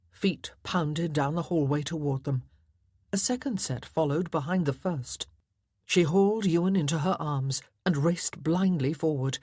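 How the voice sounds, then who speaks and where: Here a woman reads scripted narration for a historical romance audiobook, building drama and tension as she tells the story. She has a low, husky voice with a slightly mellow quality, captured in clean studio sound without echo.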